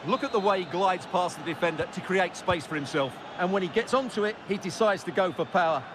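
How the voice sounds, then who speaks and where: A man plays a measured football pundit in a video game who explains replays calmly. His voice sits a little high for a man. It is heard as game audio with clear background noise. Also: close to an everyday voice. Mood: calm analysis. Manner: calm, explanatory replay breakdown. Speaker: co-commentator and analyst. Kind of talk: video game match analysis.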